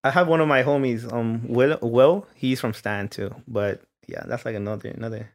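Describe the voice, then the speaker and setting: A man's voice: medium pitch, normal speed. A man from New York, a guest on a casual podcast chat, talking in a laid-back way and slipping into Spanish slang.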